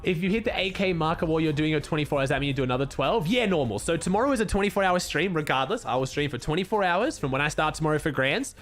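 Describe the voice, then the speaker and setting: A man's voice: fairly high pitch, animated, very fast, few pauses, a bit bright. A young Australian man streaming casually, laid-back and cursing freely as he thanks viewers and comments on the game.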